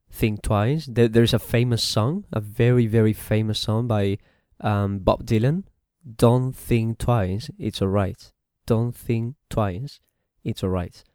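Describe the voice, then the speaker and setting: Male English teacher, mellow. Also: mid-range voice, no echo, studio quality. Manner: switches between English and Spanish, repeats phrases slowly. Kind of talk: bilingual language lesson.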